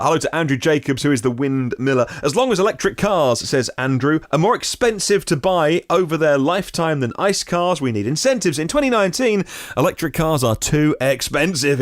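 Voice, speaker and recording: A man's voice: mid-range voice, animated, brisk, no echo, clean studio sound. A man hosting a daily news podcast, reading out listener comments and adding wry, sarcastic asides of his own. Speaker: podcast host.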